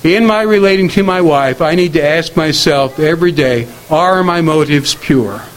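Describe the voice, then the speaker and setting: A middle-aged man preaching a sermon on marriage in a measured, earnest way, slowing down to quote scripture. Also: on the high side, rough recording.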